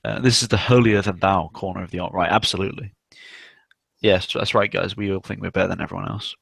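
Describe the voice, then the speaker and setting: Gravelly low-voiced man rambling casually. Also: fairly even intonation, fast talker, a bit bright, dry recording. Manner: rambling, laughing, swearing casually. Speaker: hangout host. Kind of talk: casual chat.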